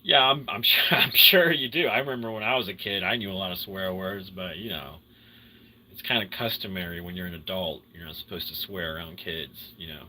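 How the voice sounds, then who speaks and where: A tired man hosting a casual livestream chat with viewers, rambling and swinging between loud excitement and low mumbles. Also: a little fast. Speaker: livestream host chatting with viewers.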